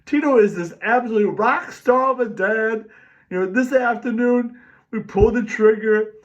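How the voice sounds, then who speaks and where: High-voiced man on a fired-up fan rant. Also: unhurried. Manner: animated, refers to himself in the third person. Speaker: podcast host ranting as a sports fan. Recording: distant mic, dull lo-fi sound.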